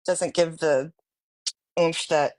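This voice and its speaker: A woman guest on a live panel, chatting in an animated, joking way. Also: sits low, slow pace, no room sound. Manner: chatty, animated, laughing easily. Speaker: guest caller telling a dating story. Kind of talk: casual live-stream chat.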